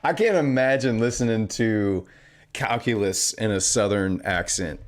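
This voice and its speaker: A man hosts a trading live stream from his desk and chats offhandedly with viewers. His voice sits on the low side, and he reads out comments and wanders between thoughts, often correcting himself mid-sentence. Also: moderate pace. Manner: rambling, offhand, self-correcting.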